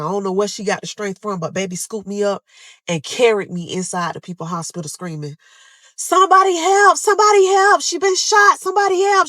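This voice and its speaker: A woman's voice: on the low side, no echo. A young woman telling an emotional true story to viewers, acting out her own pleas and cries as she talks. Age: young adult. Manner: dramatic, addresses listeners as y'all, acts out her own pleas loudly.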